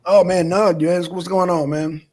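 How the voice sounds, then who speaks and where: Brief: male host, casual news banter, needling, husky tone. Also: high voice, measured pace. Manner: animated, needling, swears casually. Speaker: show host.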